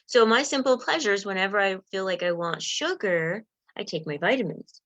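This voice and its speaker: A woman coaching listeners through self-help steps and breathing exercises in a gentle, encouraging way. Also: medium pitch, lively intonation, moderate pace, no room sound. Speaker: wellness coach. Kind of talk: guided self-help talk.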